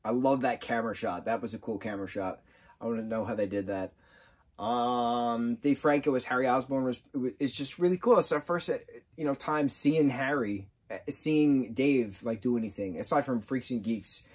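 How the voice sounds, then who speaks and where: Male reviewer, husky, mid pitch, casual and excitable, lots of fillers. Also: normal speed. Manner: rambling and excitable, full of fillers. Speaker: movie reviewer.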